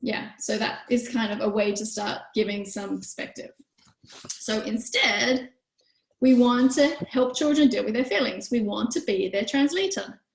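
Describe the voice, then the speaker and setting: A woman's voice: measured pace, vocal fry. A woman, teaching a parenting workshop in a chatty way and acting out quoted lines. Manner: chatty, acts out quoted lines in higher voices. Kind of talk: online workshop talk. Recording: echoey room.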